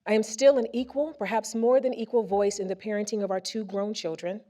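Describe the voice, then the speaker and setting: A woman presenter reading a first-person story aloud on a theater stage into a microphone, with expressive comic timing. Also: mid-range voice, fairly quick. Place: theater stage before a live audience.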